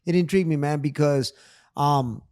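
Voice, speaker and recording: Middle-aged man, therapist guest; emphatic, profane slang, slightly high voice, dry close recording. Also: normal speed, a little mellow, smooth, dry recording. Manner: repeats himself, many restarts. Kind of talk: casual podcast conversation.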